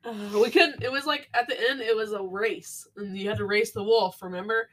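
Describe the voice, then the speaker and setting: A young adult woman co-hosting a podcast in casual chat. She is animated and giggly and swears freely. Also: mid-range voice, fairly quick, a little hiss or hum. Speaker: podcast co-host.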